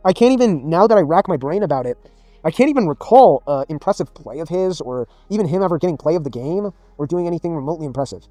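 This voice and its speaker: A man's voice: fairly high pitch, big pitch swings, fast talker, mellow, no room sound, soft background music. A man telling a rambling personal story in blunt, profane, casual speech as a gaming video creator.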